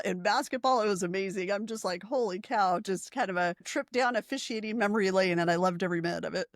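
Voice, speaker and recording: A woman's voice: mid-range voice, dry recording, clean studio sound. A woman hosting a podcast, responding to her guest in an enthusiastic, reflective way. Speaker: podcast host. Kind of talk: casual interview talk.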